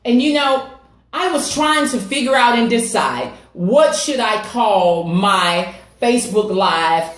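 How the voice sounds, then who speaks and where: A woman's voice: a little high, reverberant. A woman hosting a live-streamed talk show who greets her viewers by name with upbeat energy. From United States. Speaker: host and life coach. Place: home setup with computer.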